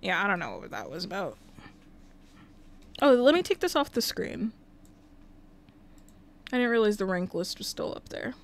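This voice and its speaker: Her mid-range voice is very animated, moderately paced, and often pauses. She's casually streaming a life-sim game, chatting to its characters and thanking those in chat.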